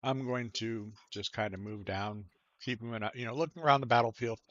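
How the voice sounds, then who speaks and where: A man's voice: medium pitch, brisk, a bit bright, no echo, highs cut off. A man playing a tabletop game, talking in an easygoing, casual way. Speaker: player.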